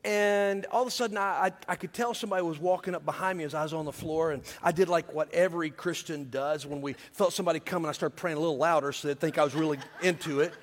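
High-voiced preacher in a reverberant hall. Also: male voice, steady tone, fast, few pauses. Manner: humorous, confiding storyteller turning to earnest exhortation. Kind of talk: sermon with personal storytelling.

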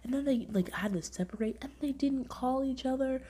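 High-pitched and a little fast, this young podcast host's voice has a slightly rough quality. She rambles through a casual review chat, saying "like" constantly, retelling things animatedly and frequently dropping into a half-whisper.

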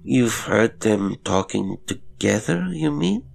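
A man's voice: low-pitched, normal speed, gravelly, husky, exaggerated voice. A man voicing a Polish governess woman who tries to sound firm and ordinary while her nerves shake. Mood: strained calm. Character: tense Polish governess woman, anxious but commanding.

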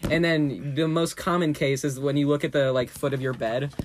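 A man's voice: a little high, level tone, normal speed, slight background noise. A teenage boy in casual group chat, explaining eagerly and leaning heavily on "like". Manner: explains eagerly, heavy use of "like".

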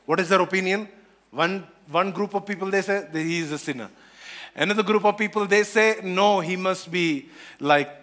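High-voiced man preaching a sermon. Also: moderate pace. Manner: animated, repeats phrases, acts out quoted voices. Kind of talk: sermon on scripture.

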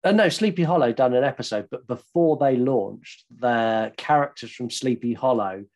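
A young man with an English accent holds forth on a podcast, his pitch sitting in an ordinary middle range. He tells stories in a loose, rambling way, full of jokes and casual swearing. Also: normal speed, darkish tone. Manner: rambling, swearing, jokey storyteller. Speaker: podcast co-host. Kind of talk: casual chat.

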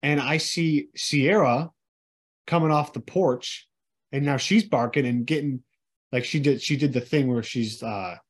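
Husky man telling a rowdy story. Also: medium pitch, unhurried. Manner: animated storytelling, lots of swearing, acts out quoted people. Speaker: podcast co-host. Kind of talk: casual storytelling chat.

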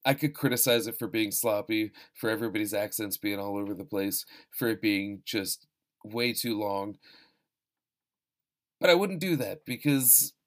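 A man hosting a casual film-review talk, rambling and self-deprecating, with profane asides and frequent restarts. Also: medium pitch. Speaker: podcast host reviewing films. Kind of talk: casual chat.

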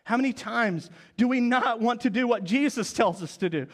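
High-voiced storytelling male preacher. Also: normal speed, few pauses. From Oklahoma, US. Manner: storytelling preacher, drops to soft low tones for emphasis. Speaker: pastor. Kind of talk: sermon.

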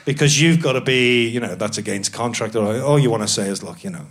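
A man's voice: medium pitch, fairly quick. A man, an actor guest, telling rambling, self-mocking anecdotes in a casual chat with many restarts. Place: live podcast stage.

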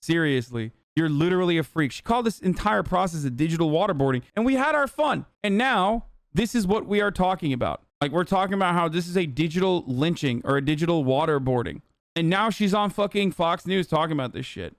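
A man's voice: on the high side, animated, fast talker, no echo, clean studio sound. A young man streaming heated, profane political commentary, full of fillers and swearing. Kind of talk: casual ranting commentary.

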